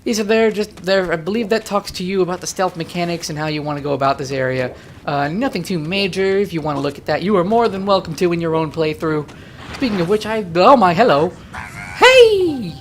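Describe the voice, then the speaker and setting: A woman's voice: fairly low pitch, quick pace, slight background noise. Chatty woman with light New York accent. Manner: playful, chatty, jokey asides. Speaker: let's player. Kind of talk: casual game commentary.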